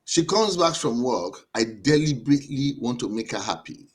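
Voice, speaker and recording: A married man on a discussion panel, using his own life as an example in a personal, storytelling way with halting restarts. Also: medium pitch, animated, slightly rough. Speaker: panel guest.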